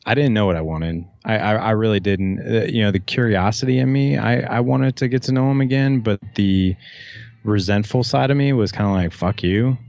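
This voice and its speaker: A man's voice: on the low side, brisk, gravelly, a little mellow, no room sound, dull audio. A man in his thirties, a podcast guest, telling a personal story casually and candidly, full of restarts and "like", with some swearing. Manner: casual, profane, retells dialogue with many "like"s and restarts.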